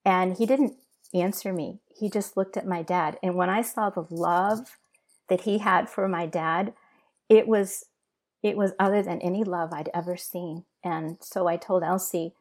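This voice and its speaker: A middle-aged woman sharing an emotional personal testimony in an earnest, halting way with many pauses and fillers. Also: lowish voice, a little mellow. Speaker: guest sharing her testimony.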